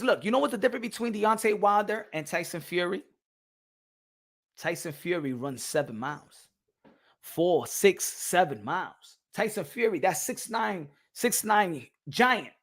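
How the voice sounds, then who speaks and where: A young adult man hosting a casual boxing live stream, slangy and animated, switching between English and Spanish. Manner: animated, with quick jumps to high excited bursts. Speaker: boxing channel host.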